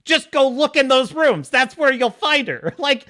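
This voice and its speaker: A man's voice: very high-pitched, big pitch swings, unhurried, sharp tone. A man hosting a podcast, recapping a show in casual commentary, sarcastic and exasperated, mocking the plot and acting out lines in put-on voices. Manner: acts out quoted dialogue in put-on voices. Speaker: podcast host.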